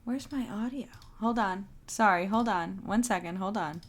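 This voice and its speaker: A woman's voice: medium pitch, normal speed. A woman streaming a video game live, chatting casually and a little tired, with a rambling way of talking full of fillers and restarts. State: tired, yawning. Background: faint buzzing of lights.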